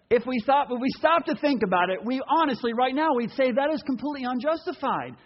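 A man preaching a sermon in an animated way, acting out quoted voices. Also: very high-pitched, fairly quick, dull audio. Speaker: pastor.

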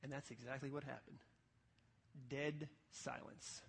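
A male pastor preaching with a fairly high, husky voice. He drives his points hard and passionately, then drops to a hushed, deliberate delivery. The sermon is given to a congregation at a service. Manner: passionate, emphatic preaching with sudden quiet stretches. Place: church service.

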